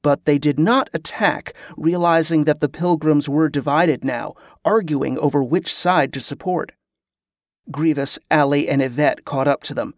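A man narrating an audiobook in a steady, even storytelling read. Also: a little high, a little slow, no echo, clean studio sound. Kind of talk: scripted narration.

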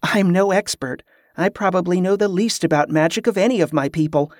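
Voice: medium pitch, fairly quick, no room sound, close to an everyday voice. Narrator doing a tired elf mage woman, earnest, young, storybook reading, dry sound. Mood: weary.

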